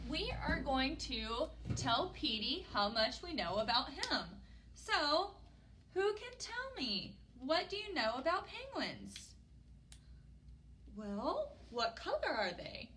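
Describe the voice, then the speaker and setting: Bright, animated woman leading story time. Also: on the high side, a little hiss or hum. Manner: bright, animated, exaggerated for children. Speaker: children's story time host. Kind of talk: preschool lesson with singalong.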